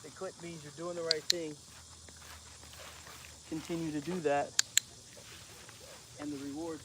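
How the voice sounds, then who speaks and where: Male dog trainer, slangy and relaxed, fairly high voice, outdoors with noticeable background noise. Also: measured pace, pauses often. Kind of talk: casual training demonstration.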